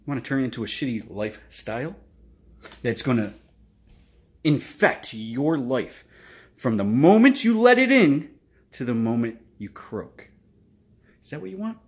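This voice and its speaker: A man hosting his own channel, giving a casual motivational monologue, animated and swearing freely as he acts out frustrated outbursts. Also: mid-range voice, a little slow, long pauses. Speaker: channel host.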